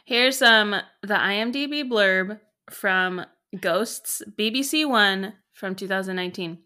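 A woman's voice: medium pitch, unhurried, sharp tone. A woman co-hosting a podcast, chatting casually with many fillers and reading show blurbs aloud. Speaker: podcast co-host. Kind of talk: casual chat.

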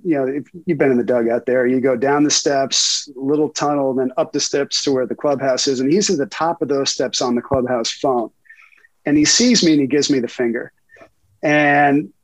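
A man's voice: on the high side, no echo, low-quality recording. Laughing middle-aged man telling stories. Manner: laughing often, profane anecdotes. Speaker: guest reporter. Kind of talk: casual interview storytelling.

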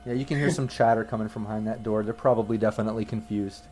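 A man's voice: fairly low pitch, steady tone, racing, noisy background. A man narrating a tabletop game as game master, talking hesitantly with many fillers.

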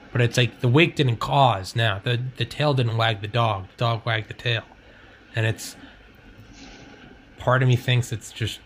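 Young man, podcast host, rambling casual chat, profane, faint background noise. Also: mid-range voice. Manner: rambling, profane, laughs often.

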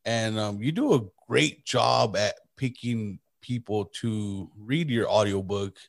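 A man's voice: on the low side, slow, vocal fry, no room sound, studio quality. A man hosting a podcast, laid-back and casual, swearing freely and agreeing enthusiastically. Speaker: podcast host.

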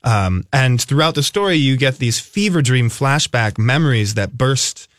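A man with a Minnesota accent talks about his stage work as a radio guest. His voice sits in the middle range, and he explains things at length in a lively, playful way. The studio mic is close and dry, with no room sound. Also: mid-range voice, normal speed, no room sound. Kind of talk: casual radio interview.

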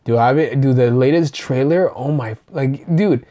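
A woman's voice: rumbling low, moderate pace, dark tone. A young woman hosting a podcast, telling stories in loose, profane casual chat with lots of laughter. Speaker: podcast host.

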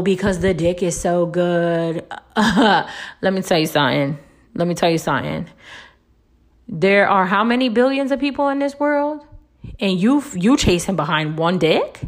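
A woman giving relationship advice in a casual monologue, blunt and profane, tagging nearly every point with a rhetorical "right?" and jumping much higher in pitch when she pushes a point. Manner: lively, swoops up high when making a point.

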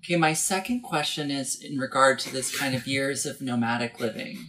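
A man's voice: mid-range voice, fairly quick, pushed and bright, poor audio. Curious, playful male host. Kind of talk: casual interview.

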